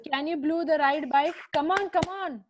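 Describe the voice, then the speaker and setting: A woman with an Indian English accent teaching an online grammar class to children over a video call, coaxing them along with brisk, repeated prompts. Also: high voice, dull audio, background noise.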